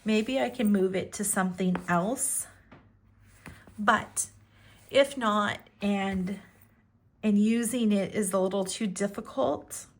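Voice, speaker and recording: A soft-spoken, middle-aged woman talks casually to her viewers as a journaling vlogger. Her voice sits at an ordinary pitch for a woman. She wanders through her thoughts gently, with plenty of small fillers. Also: steady tone, slow, long pauses.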